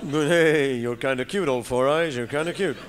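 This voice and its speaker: A man's voice: mid-range voice, normal speed, close to an everyday voice. A man putting on the voice of a brash, flirtatious man. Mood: flirty.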